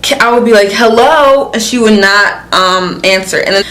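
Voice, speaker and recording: A woman's voice: medium pitch, fairly even intonation, moderate pace, sharp tone. A young adult woman vlogger telling a storytime vlog in a chatty, slangy and worked-up way. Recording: echoey room.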